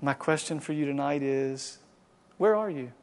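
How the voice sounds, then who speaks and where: A male pastor preaching to a congregation and leading a prayer, swinging from loud impassioned exhortation to quiet, hushed pleading. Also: on the high side, moderate pace, smooth. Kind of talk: sermon and closing prayer. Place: church service.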